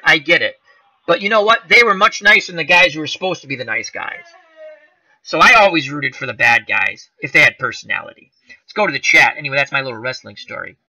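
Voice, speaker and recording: A man's voice: a little high, bright, forceful tone, dry recording, rough recording. A man hosting a casual live-stream chat, reading comments aloud, rambling and chuckling through tangents.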